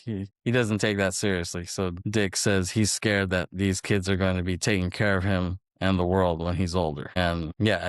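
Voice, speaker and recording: A man's voice: sits low, clean tone, no echo, clean studio sound. A man co-hosting a podcast, casually retelling film scenes in a rambling way and laughing now and then. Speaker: podcast co-host.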